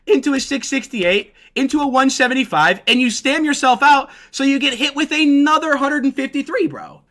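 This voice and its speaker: A man's voice: very high voice, normal speed, fairly bright tone. A man streaming a game, talking casually to his chat in a brash, swearing, trash-talking way. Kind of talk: casual livestream talk to chat.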